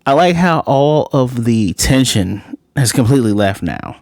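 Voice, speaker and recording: A man giving a casual, animated episode review, ranting and acting out the characters' lines as he goes. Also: mid-range voice, measured pace, dry recording, clean studio sound. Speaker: anime reviewer.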